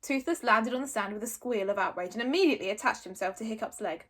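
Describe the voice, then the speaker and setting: A woman reading a children's book aloud in a friendly, expressive manner. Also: fairly high pitch, quick pace. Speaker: storybook reader.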